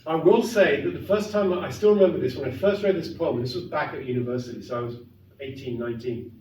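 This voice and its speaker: A man's voice: a little high, fast talker, darkish tone. A middle-aged man giving a conversational, emphatic classroom lecture on poetry. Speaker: literature lecturer. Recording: echoey classroom, mic far off, faint noise.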